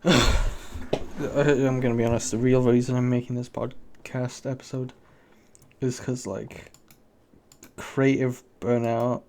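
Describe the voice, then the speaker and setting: A man's voice: medium pitch, flat delivery, unhurried, long pauses, a little mellow, slight background noise. A young man with a British accent talks alone into his podcast mic, rambling from one gripe to the next. He swears freely and pokes fun at himself, in an ordinary mid-range voice. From Britain. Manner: rambling, sweary, self-mocking. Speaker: podcast host. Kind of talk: solo casual podcast rant.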